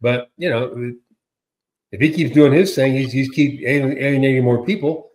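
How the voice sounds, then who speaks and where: A man co-hosting a casual political chat, animated and sarcastic, who often repeats words and acts out quotes. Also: medium pitch, normal speed. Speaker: co-host.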